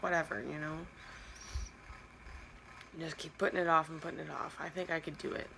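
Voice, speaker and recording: A woman's voice: low-pitched, steady tone, fast talker, creaky, noisy background. Young woman vlogging candidly. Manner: candid, rambling confessional talk. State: near tears, anxious. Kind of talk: personal vlog diary.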